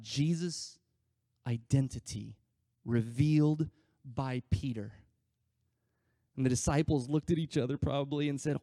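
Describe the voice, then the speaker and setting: A man preaching a sermon, acting out scripture quotes in a conversational way and swinging between loud emphasis and quiet asides. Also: medium pitch, measured pace, long pauses, no echo. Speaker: pastor.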